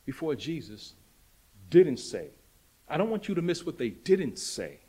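A man preaching a sermon, emphatic and dramatic, swinging between loud declarations and hushed lines and repeating rhetorical questions. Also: a little high, very animated, unhurried, husky.

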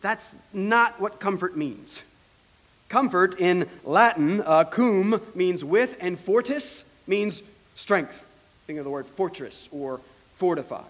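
A man's voice: sits high, lively intonation. Man preaching a sermon in a hall. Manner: earnest teaching, slows for emphasis, trails off softly. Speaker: pastor.

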